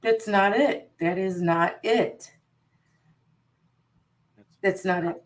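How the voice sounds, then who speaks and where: A co-host with a mid-pitched, ordinary voice, chatting casually on a stream. The delivery is wry and exasperated, and the sarcasm is dry. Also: extremely slow. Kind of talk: casual commentary chat.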